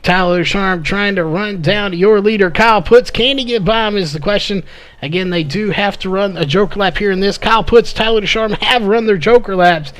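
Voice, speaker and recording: High-voiced, slightly hoarse race commentator. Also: male voice, a bit bright. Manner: rapid play-by-play with frequent "uh" fillers. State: slightly hoarse, losing his voice. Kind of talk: live race play-by-play commentary.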